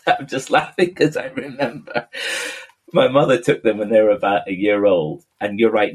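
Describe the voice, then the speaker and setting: A man's voice: fairly low pitch, gravelly, breathy edge. A man from Abu Dhabi hosting a casual podcast chat, talkative and self-deprecating, often restarting his sentences. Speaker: podcast host.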